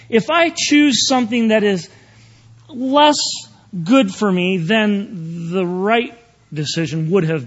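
A man's voice: high-pitched, dull audio. A man preaching an earnest, conversational sermon, often checking in with his listeners.

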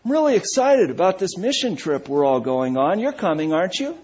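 A man voicing an eager church member who asks excited, incredulous questions. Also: high voice, a little fast, dull audio.

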